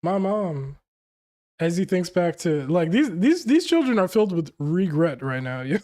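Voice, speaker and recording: An excitable man reacts to a comic chapter in a loose, slangy way. He laughs often, and his voice sits fairly high. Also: moderate pace. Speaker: manga reaction host. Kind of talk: casual reaction while reading a comic chapter aloud.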